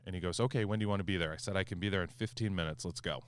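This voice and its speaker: A man hosting a podcast, a property manager telling a story in a casual, animated way and acting out the quoted back-and-forth. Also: on the low side, racing, few pauses, smooth, no echo. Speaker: HOA manager and podcast host.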